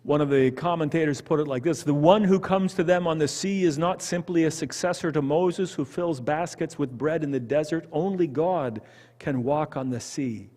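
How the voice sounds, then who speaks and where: A man with a Canadian accent leading a church Bible study, talking in an animated, conversational way and putting questions to the group. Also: a little high, normal speed, big-room sound. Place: church hall.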